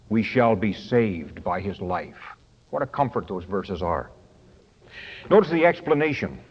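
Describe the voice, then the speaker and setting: A man preaching a sermon in an auditorium, working through a study booklet, stretching key words slowly and rushing through asides. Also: mid-range voice, muffled recording. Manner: emphatic, swings between slow stressed phrases and quick asides. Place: large auditorium.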